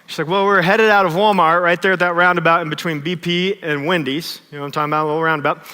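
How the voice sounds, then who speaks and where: Pastor, 30s, man: conversational and self-deprecating, slightly high and forceful tone, recorded in a reverberant sanctuary. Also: fairly even intonation, fast talker, smooth. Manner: conversational, self-deprecating, tags lines with "right?". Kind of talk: sermon storytelling. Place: church sanctuary. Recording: long church reverb.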